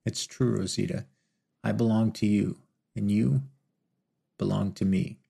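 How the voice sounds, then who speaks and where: A man's voice: fairly low pitch, fairly even intonation, unhurried, vocal fry, dark tone, slightly rough, exaggerated voice. A man voicing a hapless man turned gunslinger, speaking in an earnest, pleading tone.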